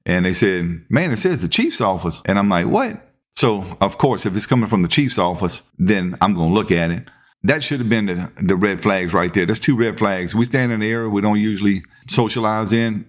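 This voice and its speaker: A man, hosting a podcast and telling a work story in a casual, animated way, acting out what people said. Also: low voice. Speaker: podcast host, police officer.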